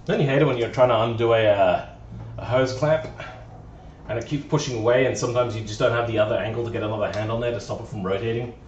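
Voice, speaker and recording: A man's voice: medium pitch, steady tone, fast, a little mellow, a little hiss or hum. A man live-streaming while he works on a car, talking to himself in a playful, self-mocking way. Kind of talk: casual live-stream chatter while working. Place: garage or workshop. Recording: echoey, dull sound from a distant mic.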